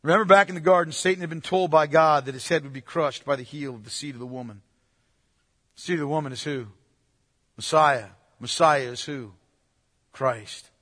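A man's voice: a little high, moderate pace, fairly bright tone, long reverb tail. A man preaching a sermon, emphatic and full of rhetorical questions. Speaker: pastor.

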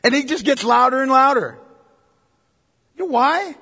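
A man preaches from the pulpit in a high, husky voice, his words ringing out with a long hall reverb. He rises to impassioned near-shouts and then drops to hushed, intimate tones. It sounds like a sermon in a large church sanctuary. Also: lively intonation, moderate pace. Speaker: pastor.

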